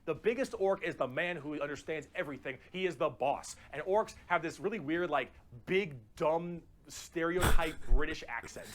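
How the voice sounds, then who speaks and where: A man giving casual, excitable, jokey explainer commentary, swearing freely. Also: fairly high pitch, brisk, few pauses. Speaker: explainer of a video being reacted to.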